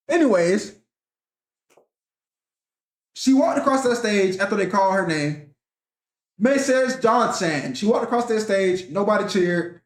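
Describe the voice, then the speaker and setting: A man's voice: high voice, expressive, unhurried, long pauses. A young man telling a profane, rambling story in a casual rant vlog, talking animatedly and swearing often. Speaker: vlogger. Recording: echoey room.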